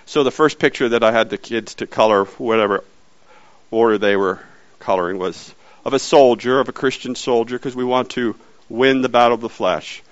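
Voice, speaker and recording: A man preaching a sermon in an animated way, swinging from loud lines to hushed, whispered ones. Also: mid-range voice, normal speed, no room sound, dull audio.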